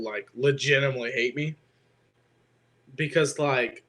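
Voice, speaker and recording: A man's voice: mid-range voice, a bit bright. Rambling teenage guy, lots of "like". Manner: rambling, filler-heavy, swears often. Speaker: podcast co-host. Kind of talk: casual chat.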